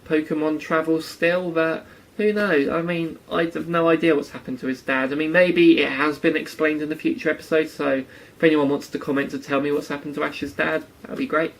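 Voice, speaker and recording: A man's voice: fairly high pitch, poor audio. A man giving sarcastic casual commentary on a cartoon episode. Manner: sarcastic, acts out quotes in silly voices. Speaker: anime reviewer.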